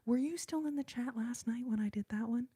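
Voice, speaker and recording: A woman in her early forties whispering softly and giggling as she chats with viewers on an ASMR livestream. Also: fairly high pitch, fairly quick, slightly rough, dry recording, clean studio sound. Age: early 40s. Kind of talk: whispered ASMR live chat.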